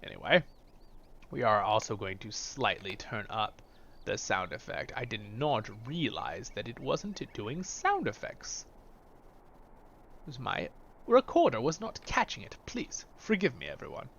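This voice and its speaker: A man's voice: mid-range voice, big pitch swings, a little slow, creaky, fairly bright tone, lo-fi sound, slight background noise. Chatty man hosting a game playthrough. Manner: chatty, talks straight to viewers. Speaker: host. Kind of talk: let's-play game commentary.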